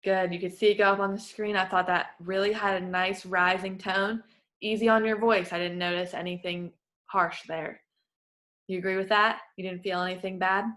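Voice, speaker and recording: Woman, voice therapist, calm instructive coaching, mid pitch. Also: moderate pace. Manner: patient, encouraging, instructive. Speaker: voice clinician. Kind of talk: clinical voice therapy session.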